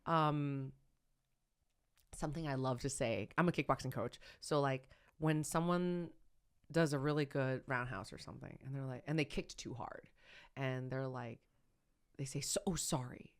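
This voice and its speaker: Low-voiced woman chatting loosely. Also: moderate pace. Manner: rambling, self-correcting, animated storyteller. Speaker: actress, podcast guest. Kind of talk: casual conversational interview.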